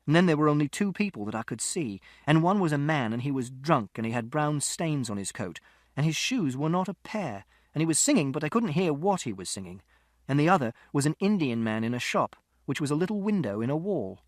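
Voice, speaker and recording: A man's voice: a little high, very animated, fairly quick, no room sound, studio quality. A man narrating an audiobook in the first person, with a precise, literal, methodical delivery.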